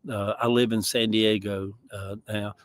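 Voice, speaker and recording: A man's voice: lowish voice, little pitch movement, unhurried, dry recording. Southern man, folksy livestream chatter, rambling, dry close sound, outdoors. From American South. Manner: rambling, folksy, chuckling asides. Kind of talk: casual chat. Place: outdoors in a yard.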